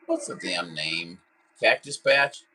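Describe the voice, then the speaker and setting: Deep-voiced guy from missouri on the cb, folksy rambling chat, bright forceful tone. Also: lively intonation, slow pace, poor audio. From Missouri, USA. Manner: folksy, rambling, friendly banter with radio jargon. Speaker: CB radio operator and streamer. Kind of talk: radio contact chat.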